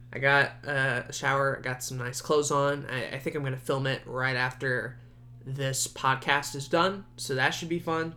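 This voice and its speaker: A young man hosting his own podcast, chatting casually and rambling, often laughing, his voice jumping high at times. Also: pushed and bright. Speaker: podcast host. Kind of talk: casual solo podcast chat.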